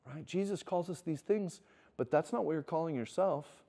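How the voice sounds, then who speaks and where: At normal speed and with a slightly high voice, a middle-aged speaker from a Christian wilderness school preaches casually to a room of students. He voices the characters in his stories and gradually turns animated and emphatic.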